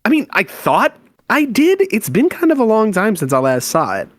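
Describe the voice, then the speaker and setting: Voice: medium pitch, huge pitch swings, normal speed, no echo, studio quality. A voice actor playing a disillusioned teenage boy who rants sarcastically and with exasperation in a fan-made comic reading. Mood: dejected.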